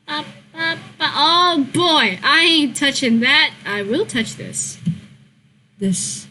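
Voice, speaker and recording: A woman hosting her channel, chatting casually and excitedly as she plays and reads, gushing, swearing and squealing now and then. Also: high-pitched, slight background noise, poor audio. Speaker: channel host. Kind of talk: casual commentary while gaming and reading.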